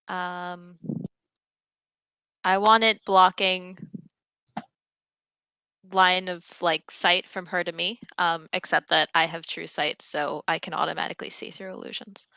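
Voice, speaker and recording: A young woman playing a tabletop game, thinking aloud with many fillers and quick apologies. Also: on the low side, fairly even intonation, gravelly, pushed and bright, clear, resonant tone, no echo. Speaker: player. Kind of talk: casual tabletop game chat.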